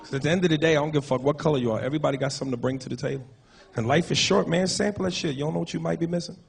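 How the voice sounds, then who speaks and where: A man's voice: fairly high pitch, rapid-fire, gravelly. A man performing a stand-up comedy set in a club, with a profane, punchy, swaggering delivery. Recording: noisy live club recording.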